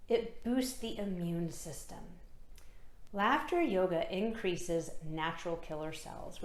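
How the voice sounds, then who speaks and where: A laughter yoga leader, a woman with a slightly low voice, talks listeners through the exercises in a calm, encouraging way. The sound is roomy and echoey. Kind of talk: instructional talk with guided exercises.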